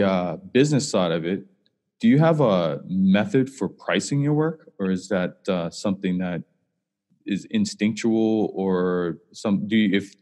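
A man hosting a podcast, relaxed and encouraging, with many hesitant fillers. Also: fairly low pitch, long reverb tail. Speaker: podcast host. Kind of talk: casual interview chat.

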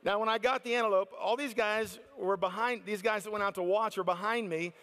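A middle-aged American man telling a lively story at a faith conference, acting out the excited voices of the people in it. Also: high voice, a little fast, big-room sound. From United States. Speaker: conference speaker. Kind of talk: storytelling sermon.

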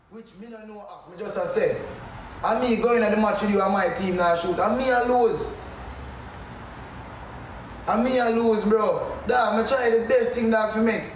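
Agitated high-voiced Jamaican man, echoey. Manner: agitated, repetitive, calls listener bro and dog. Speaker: streamer addressing a rival. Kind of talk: heated livestream rant. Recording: echoey, distant mic, faint noise.

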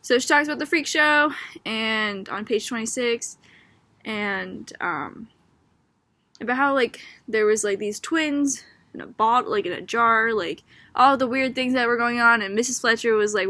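Speaking with a Boston accent, this young student from Boston, Massachusetts, has a slightly high, bright, forceful voice and a measured pace, with no echo. She chats casually about a book she read, peppering her talk with "like" and "um" while laughing in amusement.

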